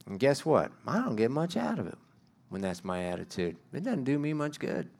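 A man's voice: mid-range voice, big pitch swings, normal speed, vocal fry, darkish tone. A middle-aged man preaching a sermon in a conversational, self-deprecating way, building to emphatic bursts.

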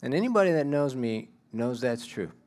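A man's voice: mid-range voice, lively intonation, moderate pace, darkish tone. A middle-aged man preaching a sermon in a conversational, self-deprecating way, building to emphatic bursts.

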